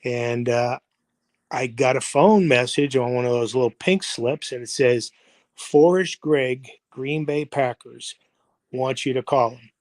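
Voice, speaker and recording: A man's voice: medium pitch, a little slow, a little mellow, no echo, rough recording. A man in his seventies from the United States, a football coach telling long anecdotes in an interview, with many fillers and acted-out quotes. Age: 70s. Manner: rambling, full of fillers and quoted dialogue. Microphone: video call livestream.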